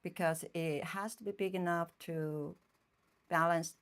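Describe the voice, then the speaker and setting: Woman artist on a live stream, unhurried drawl, lowish voice, halting, thinks aloud, talks to viewers. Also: fairly even intonation. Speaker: painter hosting a live stream. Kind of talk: casual live-stream chat while painting. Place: home painting room. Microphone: phone streaming live.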